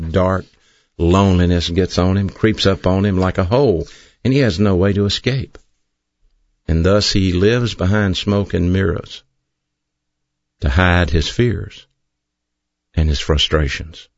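A man preaching an earnest sermon as pastor, stressing key phrases slowly. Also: deep voice, dry recording, dull audio. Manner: earnest, emphatic preaching with slow drawn-out stresses.

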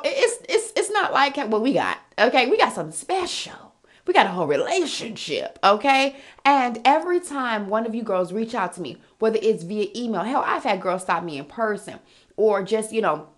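A woman's voice: a little high, moderate pace. Sassy, candid woman podcast host. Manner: candid, animated, sassy, addresses listeners as girl and honey. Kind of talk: casual motivational monologue.

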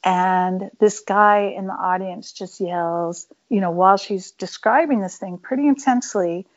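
A woman's voice: medium pitch, a little slow. Woman musician being interviewed, mid voice, candid, lots of "like, you know", muffled lo-fi sound. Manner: candid and emphatic, many fillers. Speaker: punk band musician, interview guest. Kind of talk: casual storytelling interview. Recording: dull lo-fi audio.

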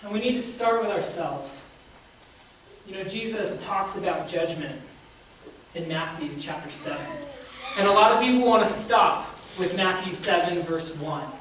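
A woman preaching in a relaxed, conversational way, her voice rising and falling with plenty of life. She sounds a little distant from the mic. A strong echo hangs on every word, with faint noise underneath. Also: fairly low pitch, unhurried. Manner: conversational, addresses listeners as guys. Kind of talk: sermon.

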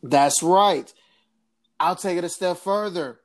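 A woman co-hosting a casual political podcast, talking in an animated, sarcastic way, with laughs and mocking impressions. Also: lowish voice, takes it slowly. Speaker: podcast co-host.

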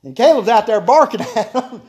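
Male preacher, high voice, homespun humor, hammers key lines by repeating them. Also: lively intonation, brisk, a little mellow. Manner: homespun, joking, repeats key phrases for emphasis. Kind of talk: folksy sermon to a congregation.

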